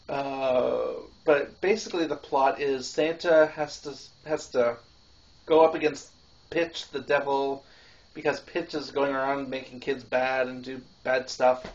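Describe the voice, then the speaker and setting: A man's voice: mid-range voice, slight background noise. Rambling, giggly man on a lo-fi mic. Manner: rambling, giggly, many fillers and restarts. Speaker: podcast host reviewing films. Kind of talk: rambling casual monologue. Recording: dull lo-fi home recording.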